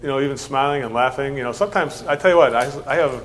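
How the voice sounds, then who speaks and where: A man hosting a casual interview about customer service, talking quickly and often repeating words as he thinks. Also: medium pitch. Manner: fast, animated, repeats words while thinking. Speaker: host and service trainer.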